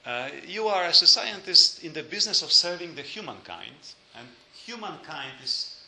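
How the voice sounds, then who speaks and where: Bright-voiced man lecturing in an echoey room. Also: a little high, big pitch swings, moderate pace. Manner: hesitant with many fillers, dry joking asides.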